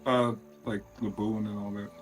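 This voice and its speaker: A man's voice: fairly low pitch, flat delivery, normal speed. A man chatting casually as a player in a tabletop game, asking questions in a laid-back way.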